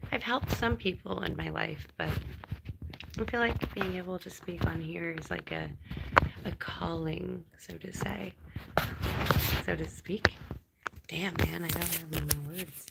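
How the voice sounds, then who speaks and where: A woman from Canada hosts a late-night livestream, rambling as she reads her viewers' comments aloud. Her voice sits fairly low and carries heavy vocal fry. She talks at a very slow, easy pace. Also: slight background noise. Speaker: livestream host.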